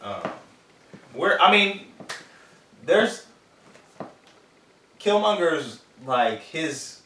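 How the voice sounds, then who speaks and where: A man talks loosely in a group discussion, halting, restarting and acting out movie scenes. He sits away from the mic, so his voice comes through a roomy, echoey space with a faint hiss. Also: on the high side, very animated, sharp tone. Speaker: podcast co-host. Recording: echoey room, far from mic, faint noise.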